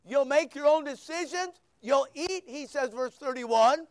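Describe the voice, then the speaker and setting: A man's voice: extremely high pitch, a little slow, no room sound, studio quality. A man preaching a sermon, reading scripture and acting out voices as he goes. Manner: animated preaching, acts out quoted voices. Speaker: pastor.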